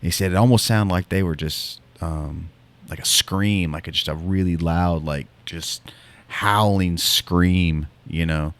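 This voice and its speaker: A man with a very low voice tells a story in a loose, casual way. He rambles with plenty of fillers and false starts, circling back before he gets to the point, like a co-host chatting on a podcast. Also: unhurried. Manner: rambling, lots of fillers and restarts.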